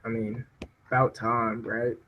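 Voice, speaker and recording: A man's voice: mid-range voice, flat delivery, measured pace, highs cut off. A young man chatting casually about sports as a podcast guest, joking and mocking players. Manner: joking, mocking, laughs often.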